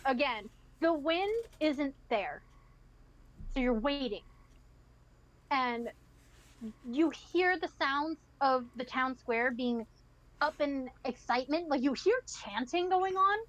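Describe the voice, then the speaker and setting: A woman's voice: sits high, animated, takes it slowly, pauses often, fairly bright tone, rough recording. A woman narrating a tabletop game as its game master, describing each scene vividly.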